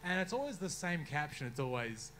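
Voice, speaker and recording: A young man with an Australian accent doing a stand-up comedy set on a bar stage, deadpan with sudden outbursts. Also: fairly high pitch, fairly quick, noisy background. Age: young adult. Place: bar stage before a live crowd.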